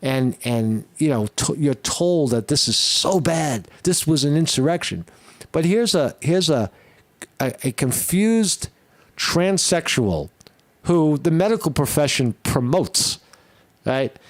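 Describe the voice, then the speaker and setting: Male commentary host, slow halting delivery, profane and blunt, dry close sound. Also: fairly high pitch, lively intonation, no echo. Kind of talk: ranting political commentary.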